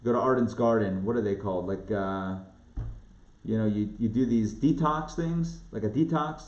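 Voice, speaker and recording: A rabbi teaches a live online Torah class in a casual, conversational way, putting questions to his listeners. His voice sits on the low side, moves at a moderate pace, and sounds a little mellow. The room is echoey and the sound dull and lo-fi.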